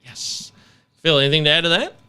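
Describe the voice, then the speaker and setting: A man co-hosting a sports podcast in casual chat, animated and quick to laugh. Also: on the high side, clean tone. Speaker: podcast co-host.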